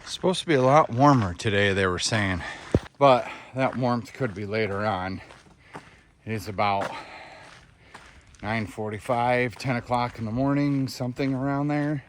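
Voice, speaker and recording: A man's voice: medium pitch, a little slow, background noise. A man narrating a casual hiking vlog outdoors on a park trail, chatting to viewers as he walks. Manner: relaxed, chatty, talks to viewers while hiking. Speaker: hiking vlogger.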